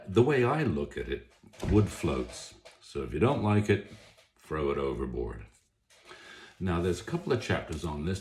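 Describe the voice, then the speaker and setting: A man's voice: low-pitched, a little mellow. A man, an author, chatting casually about a book he likes, rambling and correcting himself as he goes. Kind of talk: casual book talk to camera. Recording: echoey room, faint noise.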